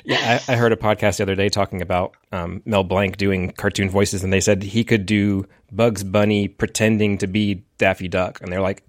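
A man hosting a podcast talks with his guest in a fairly low voice. He is curious and chatty, thinking aloud as he builds his questions. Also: level tone, normal speed, hardly any pauses. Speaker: podcast host. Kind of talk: podcast interview.

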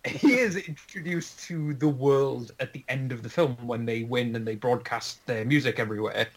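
A man's voice: mid-range voice, normal speed, low-quality recording. A man co-hosting a casual film discussion podcast, hesitant and restarting his sentences. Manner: hesitant, restarts often, laughs. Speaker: podcast co-host.

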